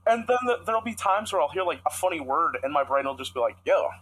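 A man's voice: a little high, quick pace, slight background noise, low-quality recording. Young man telling a profane story. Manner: profane, rambling, animated storytelling. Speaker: podcast co-host. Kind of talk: casual storytelling chat.

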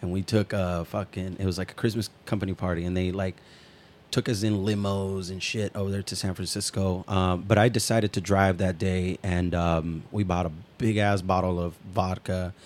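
Low-voiced man telling rambling stories. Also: little pitch movement, normal speed, darkish tone. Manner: swears freely, rambling anecdotes, acts out quotes. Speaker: podcast co-host. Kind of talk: casual storytelling chat.

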